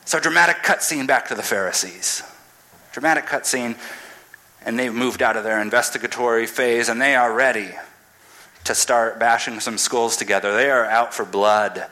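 A man's voice: medium pitch, bright, forceful tone, low-quality recording. A man giving a casual, humorous sermon, retelling a scripture story dramatically.

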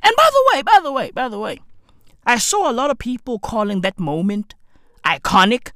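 A man doing a comedic gossip rant, profane and slangy, repeating lines for emphasis and bursting into shouts. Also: very high voice, big pitch swings, moderate pace, dry recording, studio quality. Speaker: commentator.

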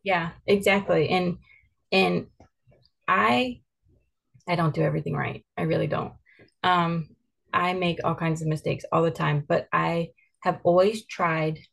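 A woman with a somewhat low voice and a gravelly edge to it. She talks earnestly and reflectively, as a mother in a candid podcast chat. Her pace is steady and conversational. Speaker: mother of kids.

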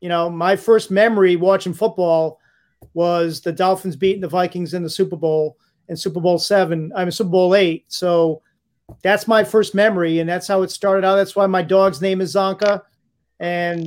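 A man in his fifties with a high voice reminisces on a sports podcast. His phrasing is vivid and colorful. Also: steady tone, normal speed. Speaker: podcast co-host. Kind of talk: casual sports chat.

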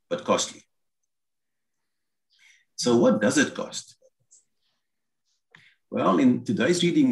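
A man preaching a sermon, explaining scripture and voicing quoted lines as he goes. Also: mid-range voice. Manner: expository, quotes scripture in acted asides. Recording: roomy echo.

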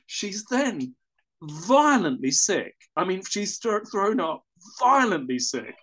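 A man's voice: high-pitched, big pitch swings, slow, bright, forceful tone. An English man telling a personal story in a casual, rambling way, often correcting himself mid-sentence. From England. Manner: rambling, self-correcting, with chuckles.

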